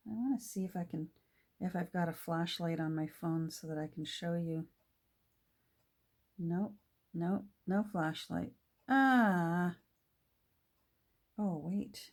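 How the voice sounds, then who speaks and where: A middle-aged woman chatting casually while she crafts, full of fillers and restarts, sometimes dropping to a soft whisper. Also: on the low side, slow, long pauses. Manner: drops to soft whispers when delighted. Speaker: crafting vlogger.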